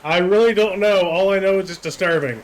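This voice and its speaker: A man's voice: sits high, brisk, background noise. A man casually chatting with friends while streaming a game, swearing and grumbling often. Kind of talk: casual gaming stream chat.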